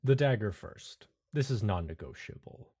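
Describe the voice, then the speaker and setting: A man voicing a huge, centuries-old man who speaks quietly and calmly, with a measured, menacing manner. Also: on the low side, breathy edge.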